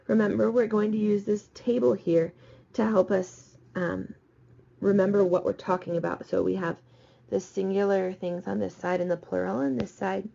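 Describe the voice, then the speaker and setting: A woman's voice: medium pitch, vocal fry, mellow, husky. A woman teacher talking students through a slide lesson, patient and repeating the key points. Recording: dull lo-fi recording.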